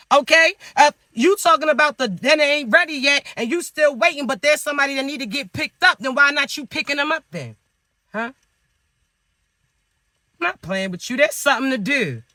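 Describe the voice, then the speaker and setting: A man's voice: extremely high pitch, lively intonation, normal speed, pushed and bright, no echo. A man giving spiritual advice in a monologue, scolding the listener with teasing rhetorical questions. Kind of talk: motivational monologue to viewers.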